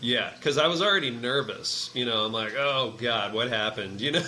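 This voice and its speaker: A man with a bright, forceful voice tells a story in relaxed conversation. He speaks as a massage therapist and energy healer, and he acts out each quoted line with its own voice. A faint hiss sits under the recording. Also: medium pitch, normal speed. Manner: animated storyteller who acts out quoted dialogue. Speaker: meditation teacher.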